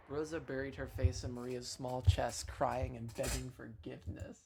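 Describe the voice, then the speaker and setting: A man's voice: medium pitch, flat delivery, moderate pace, gravelly, few pauses, warm tone, slight background noise. Brief: male streamer, game reading, plain mid voice, stumbles and corrects himself. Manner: reads aloud with small slips and self-corrections. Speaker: streamer reading a visual novel aloud. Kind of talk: dramatic reading of game text.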